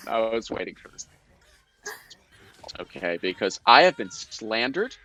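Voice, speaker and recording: Animated man telling set stories on a call. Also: fairly low pitch, slow pace. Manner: animated storyteller, mock-indignant self-defense. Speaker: guest actor. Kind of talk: casual live commentary chat. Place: home, indoors. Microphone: video call.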